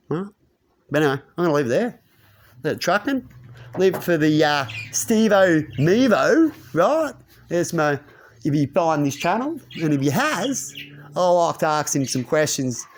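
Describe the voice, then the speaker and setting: Man, rambling rant, rhetorical tags, fairly high voice. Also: a little hiss or hum. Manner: rambling, rhetorical, keeps tagging "right?". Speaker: channel host. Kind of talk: ranting monologue to camera.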